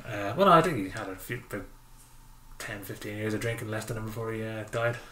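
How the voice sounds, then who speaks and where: A man's voice: lowish voice, fast, reverberant, background noise. A man, a podcast guest, telling dry, sweary anecdotes in casual chat.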